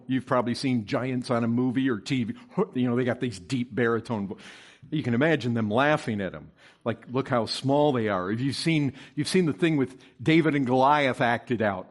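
A man preaching a sermon to his congregation, reading scripture aloud, asking the listeners questions and building to emphatic, stressed bursts. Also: mid-range voice. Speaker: pastor.

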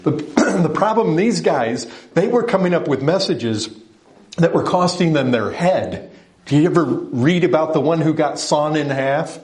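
A man's voice: a little high, animated, unhurried, darkish tone. A man preaching a sermon, speaking with emphasis and putting direct questions to his listeners. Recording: echoey room.

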